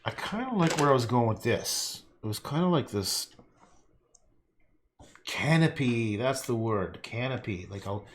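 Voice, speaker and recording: A man's voice: mid-range voice, expressive, measured pace, slight background noise. Rambling, swearing man painting live. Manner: talks to himself, swears casually, jokes; playful, self-mocking asides. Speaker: painter livestreaming his work.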